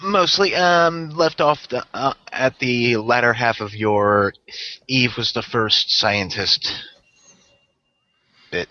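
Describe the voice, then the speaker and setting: A man's voice: mid-range voice, takes it slowly, pushed and bright, dry recording. A man in a casual discussion, speaking briefly and offhandedly. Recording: dry, dull lo-fi sound.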